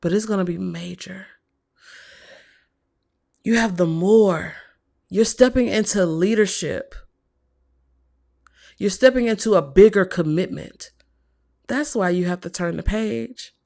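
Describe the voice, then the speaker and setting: A woman giving a tarot reading, talking slowly and softly with hums and whispered asides. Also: medium pitch, gravelly. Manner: slow, soft, encouraging, with hums and whispered asides. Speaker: tarot reader.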